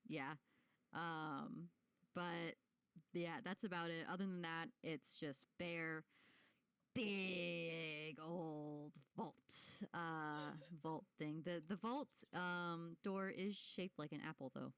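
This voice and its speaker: A woman running a tabletop game as game master, narrating haltingly with many fillers and giggles. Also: lowish voice, fairly bright tone, smooth, no echo. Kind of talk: casual tabletop role-play narration.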